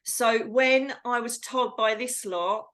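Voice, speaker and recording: A woman's voice: a little high, takes it slowly, a bit bright. A middle-aged English woman, a psychic medium, telling a personal story in an interview and acting out her own quoted lines. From England.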